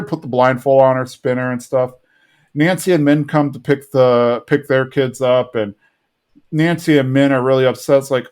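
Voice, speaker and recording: A man's voice: mid-range voice, moderate pace, a little mellow. Man casually recapping a cartoon episode. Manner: rambling, acts out lines in funny voices. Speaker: podcast co-host.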